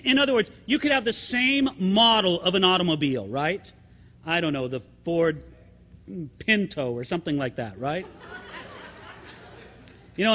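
High bright-voiced preacher in a reverberant hall. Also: male voice. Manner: emphatic, addresses the congregation as friends with rhetorical questions. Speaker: pastor. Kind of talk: sermon.

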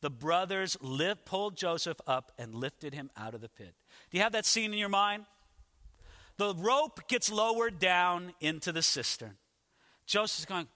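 In a large hall, a male pastor preaches a sermon, dramatizing the story with rhetorical questions and swinging between loud and hushed delivery. His voice is high-pitched and his pace normal.

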